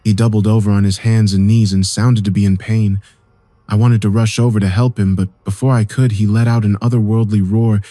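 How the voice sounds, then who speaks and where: A man narrating a first-person horror story in a calm, steady telling. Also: on the low side, dry recording.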